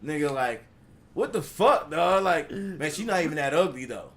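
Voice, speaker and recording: A man's voice: a little high, normal speed. A man telling a profane story on a live stream, acting out the quotes. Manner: animated, acts out quotes, profane. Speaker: guest storyteller.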